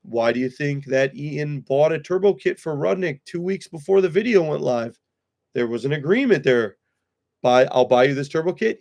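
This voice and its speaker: A man talking on his own livestream in a blunt, profane rant, his voice sitting somewhat high for a man. He keeps the tone heated and unfiltered, swearing freely as he lays out his side. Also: vocal fry, a little mellow. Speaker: livestream host.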